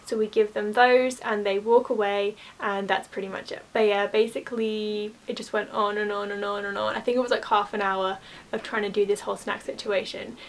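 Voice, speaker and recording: A woman's voice: mid-range voice, little pitch movement, brisk. A young woman telling work stories in a chatty, exasperated way, full of "like". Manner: chatty, exasperated, uses "like" often. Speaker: vlogger, former theme park cast member. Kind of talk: casual storytime.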